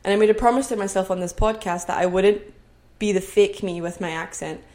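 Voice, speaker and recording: Recording in her own home, a young Scottish woman addresses her listeners directly on her solo podcast. Her medium-pitched voice is steady, brisk and dark in tone, and her earnest talk builds into motivational encouragement.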